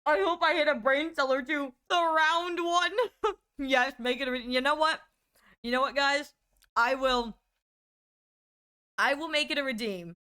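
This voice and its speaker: A young adult woman streaming live, chatting casually with her chat and squealing in excitement when surprised. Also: high-pitched, a little slow, pauses often.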